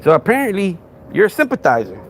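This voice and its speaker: A Texan man hosting a live stream, firing rhetorical questions at a commenter and repeating himself. His voice is gravelly and swings widely in pitch. A faint hum of noise sits behind him. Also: huge pitch swings, fast. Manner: confrontational, repetitive, rhetorical questions. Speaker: podcast host.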